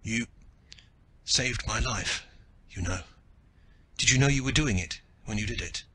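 A man voicing a hoarse, breathless grown rival who speaks in halting gasps. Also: lowish voice, sharp tone, full character voice. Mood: grudging. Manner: gasping, halting speech. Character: scarred, winded grown male rival, gruff and proud.

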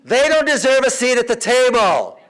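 Male activist speaker, high pitch, emphatic rally-style delivery, repeats lines for force, lecture hall. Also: sing-song, moderate pace, a bit bright. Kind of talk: impassioned public speech. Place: large university lecture hall.

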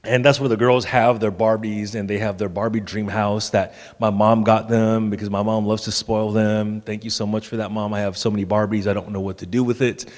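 Casual pastor in a reverberant church hall. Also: male voice, fairly low pitch, level tone, brisk, hardly any pauses. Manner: casual, joking, with stammered restarts. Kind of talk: sermon. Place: church sanctuary.

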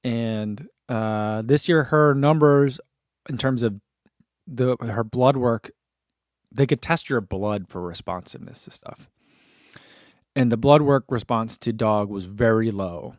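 A man's voice: mid-range voice, dry recording, studio quality. A man in his thirties hosting a live stream, reading out viewer comments and chatting casually with lots of fillers and restarts. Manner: chatty, rambling, with fillers and laughs.

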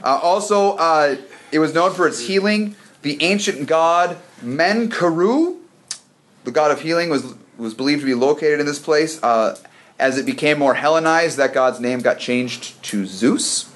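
A man's voice: on the high side, a little slow, a bit bright. A man leading an informal church Bible study for a small group, chatty and prone to stumbling over words.

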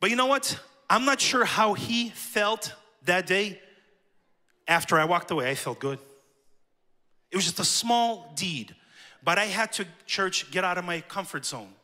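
Male pastor, sermon storyteller, high voice, long hall reverb. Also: animated, measured pace, bright, forceful tone. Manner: personal storytelling, addresses the church directly. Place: church sanctuary.

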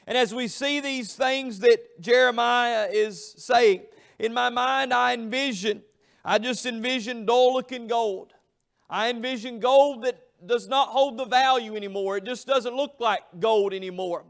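High-pitched, gravelly preacher. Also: male voice. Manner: storytelling, emphatic, drawn-out phrases. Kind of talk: Southern revival sermon. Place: church sanctuary.

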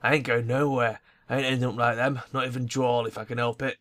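A man's voice: medium pitch, level tone, fast, a bit bright, lightly acted. A man reading a nervous runaway gang member. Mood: worried. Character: nervous young male gang member in hiding. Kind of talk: voicing a video game character.

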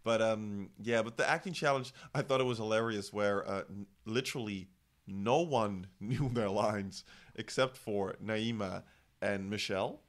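A man's voice: lowish voice, unhurried. A young man co-hosting a casual podcast chat, playful and giggly. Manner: giggly, playful, tries silly voices. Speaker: podcast co-host.

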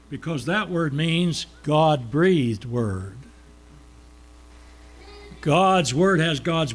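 A man preaching a sermon, asking questions and then answering them, slowing down to stress key words. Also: a little high.

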